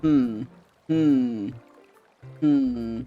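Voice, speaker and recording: A man live-streaming, chatting casually with his viewers, swearing often, and swinging between loud and quiet. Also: mid-range voice, extremely slow, lo-fi sound, faint music behind.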